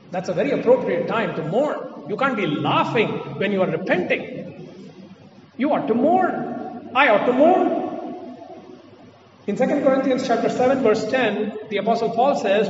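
A high-pitched male pastor preaches with earnest insistence, hammering his points home by repeating them. He is heard from a distance in a large, echoing hall. The sound is slightly muffled, with faint room noise behind him. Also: darkish tone. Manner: earnest, repeats key phrases for emphasis. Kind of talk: sermon. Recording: distant mic in a reverberant hall.

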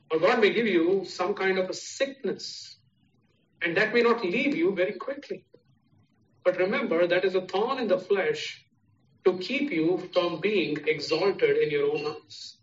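A man with an Indian English accent preaching a sermon, stressing his points through repeated parallel phrases. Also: high-pitched. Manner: repetitive, emphatic preaching with listed parallel phrases. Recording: echoey, distant, dull sound.

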